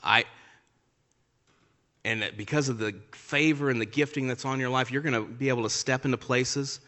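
A male pastor preaching a sermon in a church sanctuary, his voice trailing off into a long hall reverb. He swings between loud, emphatic declarations and soft, hushed asides, with a middle-pitched voice. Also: steady tone, brisk.

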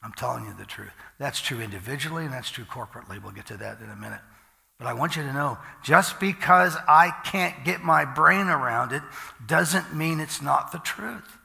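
Gravelly, bright-voiced preacher in a reverberant hall. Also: male voice, medium pitch, normal speed. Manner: animated, conversational preaching with acted asides. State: dry mouth from medication. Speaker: pastor. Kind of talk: sermon.

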